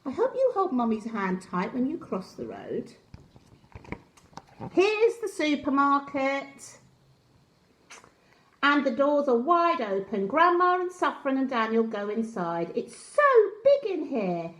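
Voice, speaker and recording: A woman storyteller reading a picture book aloud to young children, gently asking them questions. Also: high voice, big pitch swings, slow. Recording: roomy echo.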